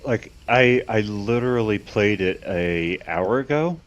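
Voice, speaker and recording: A man's voice: fairly low pitch, expressive, a little slow, lo-fi sound. A man co-hosting a live gaming stream, easygoing and meandering. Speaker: stream co-host. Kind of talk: casual gaming chat.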